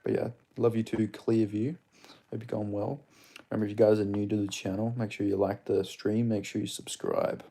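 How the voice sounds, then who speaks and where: A man's voice: lowish voice, level tone, normal speed, mellow. A man from Perth with an Australian accent, hosting a live stream in a rambling, crude, casual way while greeting chatters by name. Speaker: livestream host.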